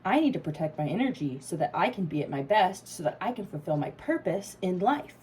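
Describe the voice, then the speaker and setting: A woman's voice: on the low side, big pitch swings, a little fast, darkish tone, a little hiss or hum, rough recording. Emphatic swearing woman reading tarot. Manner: emphatic, swears freely, laughs and gets emotional. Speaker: tarot reader. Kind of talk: casual tarot reading to camera.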